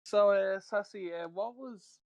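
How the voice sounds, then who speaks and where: A man's voice: high voice, a little slow, no echo, lo-fi sound. A man co-hosting a casual podcast chat, joking, teasing and swearing. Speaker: podcast co-host.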